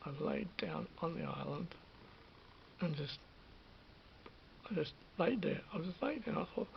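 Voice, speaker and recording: Gravelly middle-aged man, rambling. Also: a little high, lively intonation, a little slow, pauses often, muffled recording, a little hiss or hum. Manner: hesitant, self-correcting, drifts into whispers. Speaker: vlogger. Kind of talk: rambling personal anecdote.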